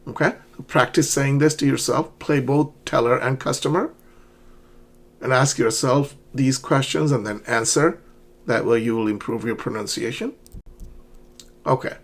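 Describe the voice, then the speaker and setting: A man teaching an English lesson, reading banking dialogues aloud and drilling pronunciation with slow repetition. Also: medium pitch.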